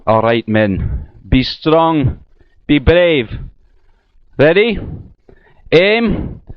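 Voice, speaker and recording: A man voicing a fierce, defiant male ship captain in a storybook reading, giving slow, loud commands. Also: on the high side, sing-song, no echo, exaggerated voice. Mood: commanding. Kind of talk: storybook character voice. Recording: tinny, thin dry recording.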